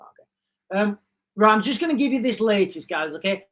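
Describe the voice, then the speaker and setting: On her live stream, a woman with a medium-pitched, expressive voice reads breaking news at a normal speed. She breaks off for chatty asides and her own opinions, addressing viewers directly and often calling them "guys." She uses a streaming setup mic.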